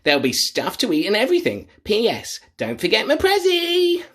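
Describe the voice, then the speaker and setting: A man voicing a small, cheeky male troll in a bright, sing-song storybook voice. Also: high-pitched, wildly swooping pitch, normal speed, pitched above the performer's own voice, heavily acted.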